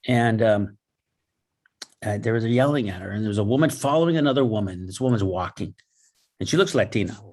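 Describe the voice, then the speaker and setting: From a home in the Los Angeles area, a man serving as host and guest speaker talks on a video call in an earnest, storytelling manner. He frequently repeats himself and stammers, and his voice is lowish, creaky and husky.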